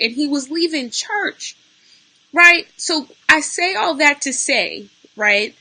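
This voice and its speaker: Tearful woman talking live, bright voice. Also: high voice, lively intonation, slow, rough recording. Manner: tearful, talking through grief, greets viewers mid-sentence. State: losing her voice, near tears. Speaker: livestream host. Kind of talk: unscripted emotional live talk.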